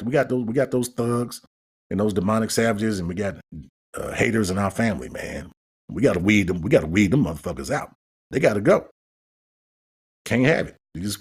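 A man's voice: fairly low pitch, breathy edge. A man hosting a podcast, talking in a heated, emphatic monologue and repeating words as he builds up steam. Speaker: podcast host.

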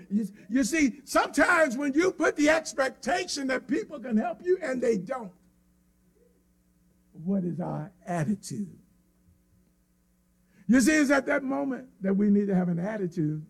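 A man preaching a sermon with an impassioned delivery that swings from hushed near-whispers to cries. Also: sits high, creaky, slightly rough.

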